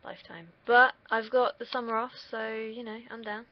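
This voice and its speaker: A woman's voice: fairly high pitch, little pitch movement, normal speed. A young woman from the UK, vlogging in a rambling, self-deprecating monologue and swearing freely. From United Kingdom. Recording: dull lo-fi recording.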